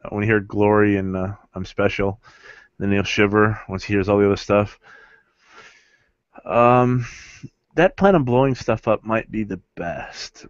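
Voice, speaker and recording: A man's voice: on the low side, no room sound, muffled recording. A man playing in a tabletop game, describing his character with hesitant fillers. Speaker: player.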